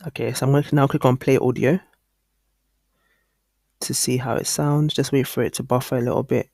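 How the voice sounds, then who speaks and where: A man walking through a screen-recorded software tutorial as an online course instructor, thinking aloud casually with frequent ums and restarts. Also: mid-range voice, fairly even intonation, brisk, vocal fry, no room sound, studio quality.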